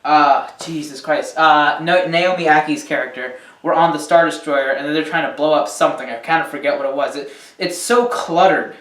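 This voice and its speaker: This casual rant review comes from a man with a fairly high, slightly bright voice speaking at a moderate pace. Rambling about a film, he fills the talk with ums and the occasional swear word; the mic is distant and the room echoey.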